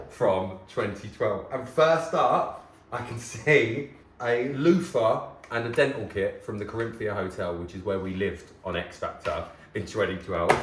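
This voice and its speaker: A man in his thirties chatting casually to camera, gushing and quick to get emotional as he shows old keepsakes. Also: on the low side. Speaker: former talent show contestant, presenter. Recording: echoey room, faint hiss.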